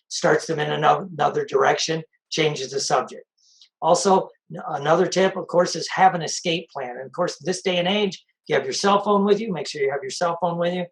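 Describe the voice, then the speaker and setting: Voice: medium pitch, fairly quick, vocal fry, low-quality recording. A sobriety coach giving practical advice in a casual, conversational way, repeating the key points. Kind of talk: casual spoken advice talk.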